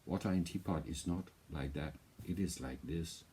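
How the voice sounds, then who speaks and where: A man putting on an impression of a famous male martial artist, speaking in a quiet, clipped way. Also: very deep voice, normal speed, slight background noise. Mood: philosophical.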